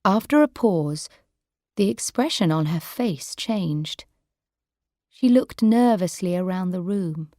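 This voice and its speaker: A woman reads a story for language learners slowly and deliberately, with a lively, expressive pitch. Her voice is close to the microphone in a dry room. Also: no echo. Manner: slow, clear, measured. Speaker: narrator. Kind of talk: scripted storybook narration for learners.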